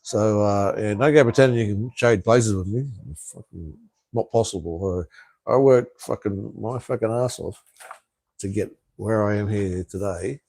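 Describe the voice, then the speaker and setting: A man's voice: on the low side, unhurried, creaky, darkish tone, no echo. A man in his fifties from Tasmania with an Australian accent, hosting a casual live stream and answering viewers bluntly, swearing freely and chuckling between remarks. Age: 50s. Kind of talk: casual live chat reading viewer comments.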